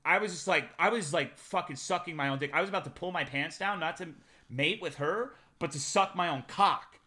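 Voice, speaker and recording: A man streaming live, recounting an awkward past episode in a loose, swear-heavy ramble. His voice sits a little high and rings sharp and bright. He jumps from loud outbursts back down to low asides. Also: brisk. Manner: profane, rambling anecdote with big swings in loudness. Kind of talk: casual storytelling to a live chat.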